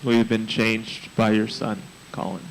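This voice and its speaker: A man's voice: lowish voice, measured pace, slight background noise, poor audio. A man giving an earnest, prayerful memorial tribute for a friend he mentored. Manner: earnest, heartfelt and prayerful, with a fairly flat delivery.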